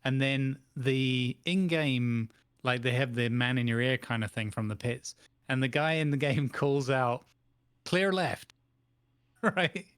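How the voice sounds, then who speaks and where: A man's voice: mid-range voice, a little slow, smooth, no echo, clean studio sound. Wry man telling a podcast story. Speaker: podcast co-host. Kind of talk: casual podcast chat.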